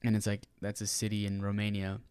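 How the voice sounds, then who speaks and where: A man's voice: fairly low pitch, monotone, fast talker, a little mellow, clear, resonant tone, dry recording, clean studio sound. A man co-hosting a podcast in casual chat, rambling with lots of fillers. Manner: rambling, filler-heavy retelling. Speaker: podcast co-host.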